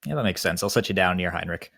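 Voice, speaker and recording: A man's voice: low voice, lively intonation, fast talker, a bit bright, no room sound, studio quality. A man playing in a tabletop role-play, laid-back and matter-of-fact. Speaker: player.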